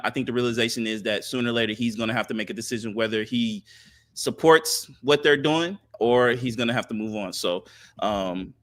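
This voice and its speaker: A man co-hosting a podcast, giving thoughtful casual sports talk with many filler pauses. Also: medium pitch, fairly bright tone. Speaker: podcast co-host.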